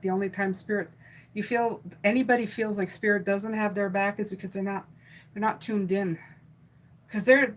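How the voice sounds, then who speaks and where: With poor audio quality, a middle-aged tarot reader in a mid-range voice chats loosely on her live stream. She reads out comments from viewers, using fillers and restarting as she goes.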